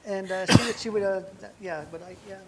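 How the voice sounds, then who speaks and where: A man guest telling chatty, animated stories in a casual conversation, full of fillers and restarts. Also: high voice, brisk, very noisy. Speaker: guest, celebrity hairdresser.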